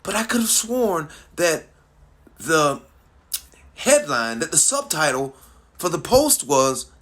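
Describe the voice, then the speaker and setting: A man commenting to his online followers, animated and repetitive, with frequent restarts and rhetorical questions. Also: a little high, slow pace. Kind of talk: casual monologue to social media followers.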